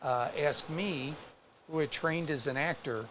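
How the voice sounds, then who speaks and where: Male co-host, faint Chicago accent, animated storyteller, slightly high voice. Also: unhurried, slight background noise. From Chicago area. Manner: chatty, animated storyteller with restarts. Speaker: co-host of a craft livestream. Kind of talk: casual storytelling chat.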